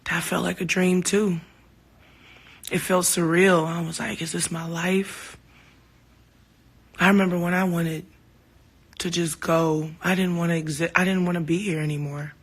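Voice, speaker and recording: A woman's voice: lowish voice, fairly even intonation, normal speed, breathy edge. A woman talking casually to her fans on a phone livestream, heartfelt and open, swearing now and then. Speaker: singer hosting a livestream.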